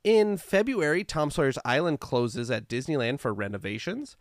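A man's voice: fairly high pitch, animated, moderate pace, dry recording, studio quality. A man co-hosting a casual podcast, laughing at himself and reading out dates and events. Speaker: podcast co-host.

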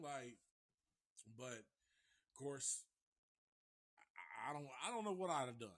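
A man's voice: mid-range voice, animated, slow, pauses often, fairly bright tone. A man casually recapping a movie live, rambling and profane, and chuckling often as he goes. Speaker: movie reviewer.

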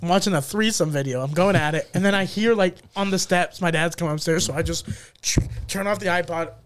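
A young man co-hosting a casual comedy podcast, telling crude stories in an animated way. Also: high voice, quick pace, slight background noise. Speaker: podcast co-host.

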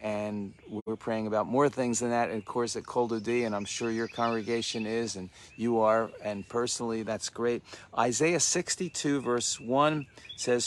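A man giving a devotional teaching in a conversational way, often restarting phrases and slowing down to read verses aloud. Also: medium pitch, slight background noise. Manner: conversational, many restarts, slows to read scripture. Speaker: messianic teacher.

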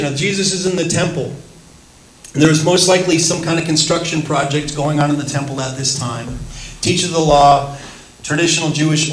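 A man leading a Bible study, teaching in a lively way, laughing often and acting out the voices he quotes. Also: on the high side, roomy sound, rough recording.

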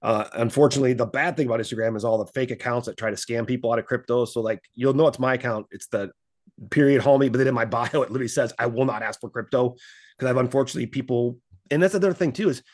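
Fast-talking man, animated storyteller. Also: mid-range voice. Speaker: podcast guest, investing coach. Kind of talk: casual interview talk.

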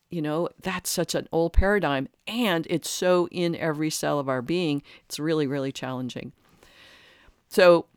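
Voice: mid-range voice, clean tone, no room sound, studio quality. A podcast host giving an earnest, searching spiritual monologue, often restarting sentences.

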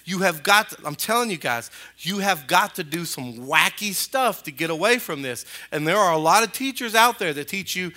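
A male pastor preaching a sermon in a church, animated and colloquial, rising and falling in pitch and loudness. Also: normal speed, hardly any pauses. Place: church sanctuary.

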